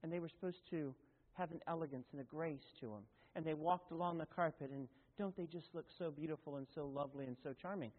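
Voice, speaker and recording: A man's voice: on the high side, fast talker. A man preaching a sermon as pastor, in a folksy, conversational way with asides and self-corrections. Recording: tinny, phone-like sound in a long-echoing hall.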